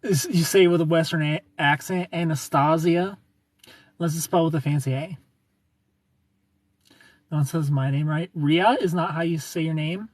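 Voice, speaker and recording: In a dry recording, a young man with a fairly high voice runs a casual livestream at a moderate pace. He says hi to viewers, reads comments, and rants with plenty of cursing and laughter.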